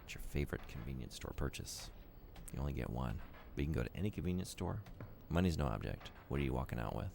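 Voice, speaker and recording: A man's voice: very deep voice, lively intonation, fast talker, gravelly, darkish tone, slight background noise. A young man streaming a game, joking and teasing his viewers in casual chat.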